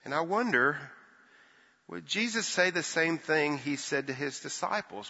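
An older man preaching a sermon, telling a story and acting out the quoted voices with hushed and lifted tones. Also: fairly high pitch, animated, measured pace, gravelly. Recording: dull sound with long hall reverb.

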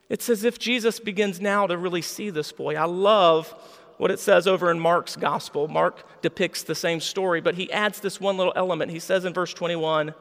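A man's voice: high-pitched, gravelly, a bit bright, big-room sound. A man preaching a sermon with passion, voicing the people in his story. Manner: impassioned, acts out quoted voices. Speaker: pastor.

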